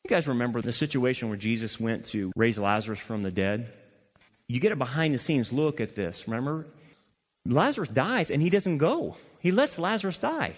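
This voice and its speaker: A man preaching a sermon as pastor, emphatic, moving between loud passionate peaks and quiet intimate asides. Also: medium pitch, animated, moderate pace. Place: church sanctuary. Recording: long hall reverb.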